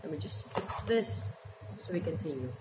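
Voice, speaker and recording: A woman in her forties telling her life story to camera, halting and emotional as she holds back tears. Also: deep voice, expressive. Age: 40s. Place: her small shop by the ocean, indoors. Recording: echoey room with background noise.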